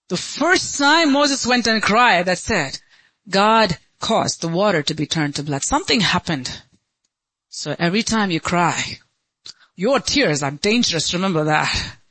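A woman pastor preaching an impassioned sermon, swinging from high pleading cries to low hushed lines. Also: lively intonation, unhurried, dry recording, poor audio. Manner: laughs between lines.

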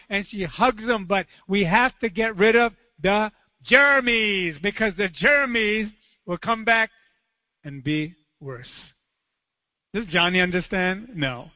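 A male pastor preaching a sermon, telling stories in an animated way and acting out the voices with sudden high cries. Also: measured pace, no echo, big-room sound, lo-fi sound.

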